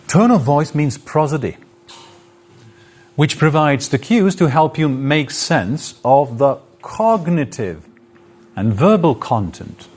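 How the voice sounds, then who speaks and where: A man's voice: fairly high pitch, darkish tone. A man lecturing to an audience in a hall, explaining his points with spoken examples and shifts in intonation. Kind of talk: live lecture.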